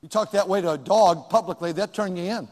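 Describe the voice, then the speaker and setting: A middle-aged male pastor preaching a sermon, swinging from loud shouts to hushed asides. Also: high voice, fairly quick, in a large hall.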